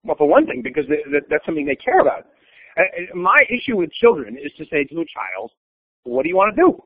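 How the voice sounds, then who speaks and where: A man's voice: on the high side, very animated, quick pace, breathy edge, dry recording. An older man, a blunt and opinionated storyteller, talking as a guest in an interview. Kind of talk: conversational interview. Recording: tinny phone line.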